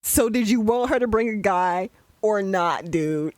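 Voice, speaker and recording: A young adult podcast host rants loosely through casual show commentary, swearing, worked up and exasperated. The middle-pitched, darkish voice is expressive and a little slow. It's recorded close and dry, with no echo or room sound.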